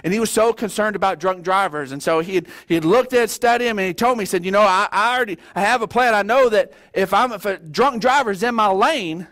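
A middle-aged man with a drawl delivers a sermon as a pastor. He tells stories in a folksy, animated way and often stumbles into restarts. His speaking voice sits noticeably high for a man. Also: fast talker, few pauses. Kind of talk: sermon with storytelling.

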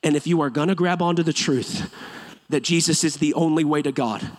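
Man, pastor, high voice, emphatic sermon, conversational and humorous. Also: brisk. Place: church sanctuary.

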